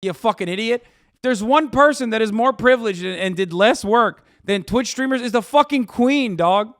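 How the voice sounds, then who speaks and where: A man livestreaming, ranting angrily and profanely at his chat and often shouting. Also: very high voice, expressive, normal speed, dry recording, clean studio sound.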